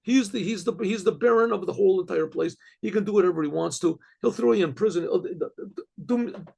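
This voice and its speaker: A man's voice: high-pitched, brisk, vocal fry, mellow, slightly rough, heavily acted. A man voicing a pair of complaining estate managers. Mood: warning. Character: two grumbling estate managers, men.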